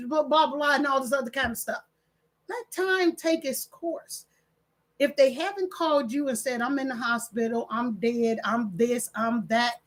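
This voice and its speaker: An older woman, hosting her channel in casual chat, reading comments and telling animated stories with quoted voices. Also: sits high. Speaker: channel host.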